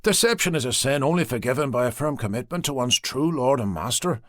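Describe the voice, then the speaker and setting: A man's voice: mid-range voice, lively intonation, brisk, a bit bright, no echo, clean studio sound, lightly acted. A man doing a grumbling, preachy priest. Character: stern disapproving older male priest.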